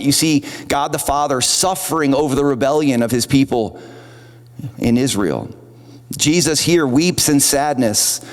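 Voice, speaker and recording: A man's voice: mid-range voice, big-room sound. A man preaching a sermon as pastor in an earnest, conversational way, acting out little quotes as he goes. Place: church auditorium.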